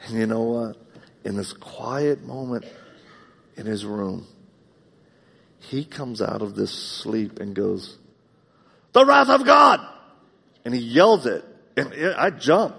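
Speaking live in a church sanctuary, a pastor weaves heartfelt personal stories into his sermon at a slow, animated pace with long pauses. His mid-range voice is husky and gravelly, rising into loud emphasis and dropping to intimate hushes, while long hall reverb follows every line.

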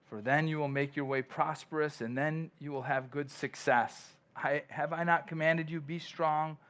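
A man's voice: on the high side, fairly even intonation, moderate pace, fairly bright tone. A male pastor preaching a sermon in a conversational way, with frequent restarts and long scripture readings. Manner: reads scripture aloud.

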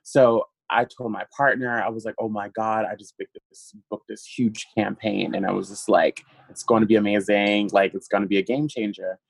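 A man being interviewed, telling a long story in an animated way, laughing often and using lots of fillers. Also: on the low side, moderate pace, gravelly, few pauses, no echo, rough recording. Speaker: guest. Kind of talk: casual interview chat.

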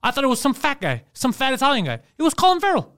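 High fast-talking guy on a podcast, animated storyteller, dry close sound. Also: smooth, no room sound. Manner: animated storytelling with acted-out quotes; laughs through his stories. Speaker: podcast co-host. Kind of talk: casual podcast chat.

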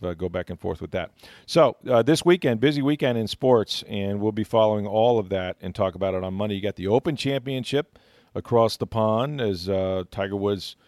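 Low-voiced man hosting a sports podcast. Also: dry recording, studio quality. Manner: relaxed storytelling with many fillers. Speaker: podcast host. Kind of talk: casual sports podcast chat.

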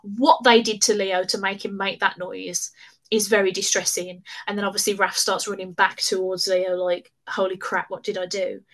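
A woman, chatting excitedly on a podcast and laughing often. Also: medium pitch, moderate pace. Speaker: podcast guest. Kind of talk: casual chat.

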